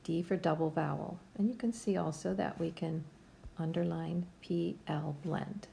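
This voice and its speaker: A woman's voice: low voice, fairly even intonation, gravelly, mellow, a little hiss or hum. A woman teacher giving a patient, step-by-step phonics lesson to young students from home. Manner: slow, patient, step-by-step instruction.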